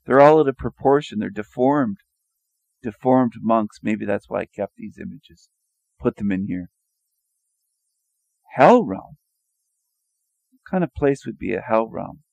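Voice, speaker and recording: Gravelly low-voiced man, sarcastic questioning. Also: moderate pace, a little mellow, no echo. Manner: rhetorical questioning, mocking, repetitive. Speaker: video commentator. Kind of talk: sarcastic monologue over images.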